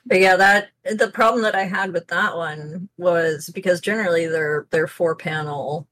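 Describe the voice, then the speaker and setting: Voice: medium pitch, normal speed, a bit bright, no echo, rough recording. A comic artist explaining ideas matter-of-factly in casual chat, with fillers. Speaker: comic artist and podcast co-host.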